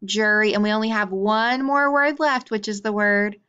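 A woman's voice: mid-range voice, steady tone, moderate pace, pushed and bright, clean tone, lo-fi sound. A woman teaching a phonics lesson, sounding out words syllable by syllable and drilling letter cards. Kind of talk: slow, deliberate phonics lesson.

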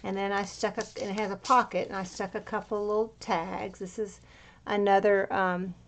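A woman's voice: mid-range voice, level tone, normal speed. Chatty woman showing off her crafts. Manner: chatty, meandering, with fillers. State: a bit out of breath. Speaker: crafter showing a handmade journal. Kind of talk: casual walkthrough.

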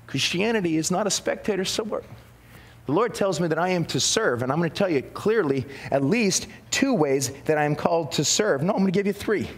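High-voiced, emphatic male pastor. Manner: emphatic preacher, repeats key phrases, folksy asides. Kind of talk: sermon. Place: church sanctuary.

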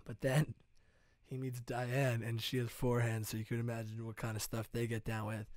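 A man co-hosting a comedy podcast, telling absurd stories in a deadpan, casual way. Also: medium pitch, moderate pace, no room sound, studio quality. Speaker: podcast co-host.

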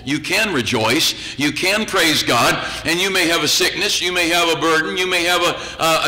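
Male pastor, bright ringing voice, a bit high, folksy sermon with teasing asides. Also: rough recording. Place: church sanctuary.

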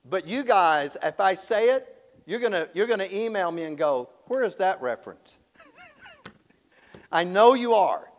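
A man teaching the Bible in an animated storytelling way, acting out the characters and chuckling often. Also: high voice, a little slow, in a large hall, low-quality recording.

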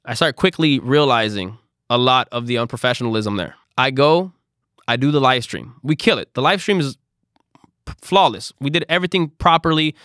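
A man's voice: medium pitch, pushed and bright, no room sound, clean studio sound. A young man telling a frustrated personal story to camera, quoting back the exchanges he had. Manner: frustrated, emphatic retelling with quoted exchanges. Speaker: content creator. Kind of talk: storytime vlog.

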